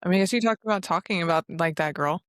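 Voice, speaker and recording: A woman's voice: fairly low pitch, fast, no echo, clean studio sound. A young woman co-hosting a podcast who talks in a direct, reflective way and laughs easily. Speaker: podcast co-host. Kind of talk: casual podcast chat.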